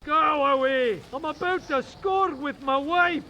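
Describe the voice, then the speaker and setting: An actor voicing a gruff, cranky Scottish groundskeeper in a cartoon clip. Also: male voice, very high voice, a little slow, pushed and bright, slight background noise, full character voice. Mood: irritated. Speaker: cartoon character in a played clip.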